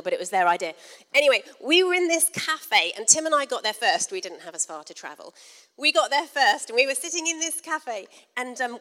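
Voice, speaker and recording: A woman's voice: on the high side, sharp tone, long reverb tail. A middle-aged woman, giving a humorous, self-deprecating storytelling talk to a conference crowd and laughing often. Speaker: conference speaker.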